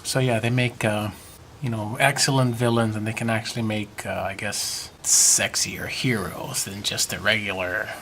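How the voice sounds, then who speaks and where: A man's voice: lowish voice, fairly even intonation, moderate pace, sharp tone, a little hiss or hum. A man giving a rambling, profane video response, now and then slipping into mock British voices. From United States. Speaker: vlogger.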